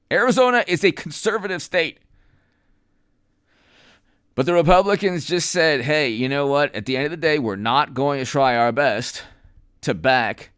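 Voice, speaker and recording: A man's voice: medium pitch, a bit bright, clear, resonant tone, no echo, clean studio sound. Emphatic rambling male political commentator. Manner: rambling, emphatic, with frequent restarts; reads out viewer names and thanks them. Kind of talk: unscripted political commentary livestream.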